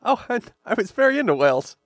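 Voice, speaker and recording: A man's voice: high voice, very animated, a bit bright, no echo. A man co-hosting a casual podcast, chatting playfully and riffing on jokes. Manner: playful, joking, quick to riff. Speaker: podcast co-host.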